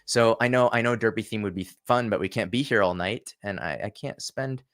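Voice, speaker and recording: A man's voice: fairly low pitch, brisk, a bit bright. A man hosting a casual livestream, chatting and thinking aloud with frequent restarts. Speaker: channel host.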